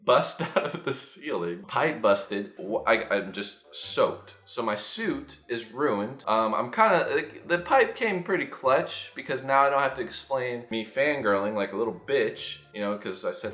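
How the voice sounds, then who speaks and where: Casting: young guy, swearing storyteller, wildly lively pitch, echoey room with faint music. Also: moderate pace. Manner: animated, profane, jumps into loud high-pitched impressions. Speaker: YouTuber telling a story. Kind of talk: casual storytime vlog.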